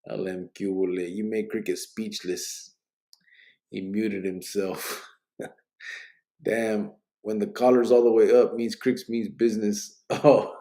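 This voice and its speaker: A man's voice: fairly low pitch, little pitch movement, slow pace, mellow. Sleepy man reading chat aloud. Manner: laid-back, joking, drops Spanish slang. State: sleepy, yawning. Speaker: livestream podcast host. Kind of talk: casual live chat, reading viewer comments aloud.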